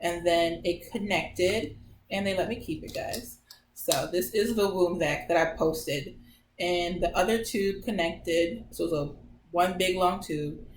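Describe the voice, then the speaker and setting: A young woman in her twenties vlogging in a lively, chatty way and slipping into other people's voices as she retells events. Her voice sits a little low. The recording has a roomy echo and a faint hum of background noise. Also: unhurried. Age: 20s. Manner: chatty, animated retelling that acts out others' lines. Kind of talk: casual personal storytelling.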